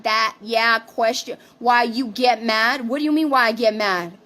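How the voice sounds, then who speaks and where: A woman's voice: on the high side, measured pace, few pauses, fairly bright tone. A woman co-hosting a livestream, ranting defensively and swearing, with Spanish phrases mixed in. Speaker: livestream co-host. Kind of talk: heated casual rant.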